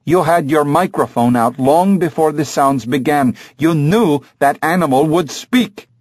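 A man's voice: fairly high pitch, a little slow, a little mellow, slightly rough, no room sound, studio quality, voice pushed up. A man doing a pushy, suspicious tourist. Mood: insistent. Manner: insistent, accusing. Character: heavy-set, determined, suspicious male tourist.

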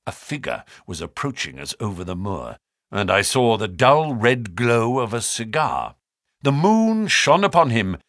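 A man narrating an audiobook with expressive, lively storytelling. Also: fairly low pitch, no echo, clean studio sound.

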